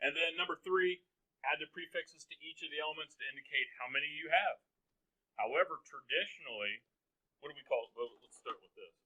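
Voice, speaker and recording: A man's voice: mid-range voice, pushed and bright, poor audio. A man teaching a chemistry class, lecturing casually with jokes and questions to his students. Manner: chatty and joking, asks the class questions. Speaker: high school chemistry teacher.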